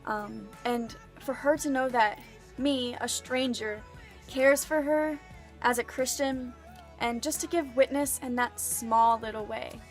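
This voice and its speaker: A woman's voice: fairly high pitch, a little slow, soft background music. A young woman vlogger telling a personal story in a chatty, earnest way, full of filler words. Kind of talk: casual storytelling.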